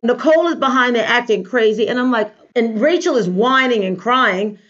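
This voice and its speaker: A woman, a life coach, telling an animated story in a casual interview and acting out the voices of the people she quotes. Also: a little high, moderate pace. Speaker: guest, life coach and trainer. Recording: dull lo-fi recording.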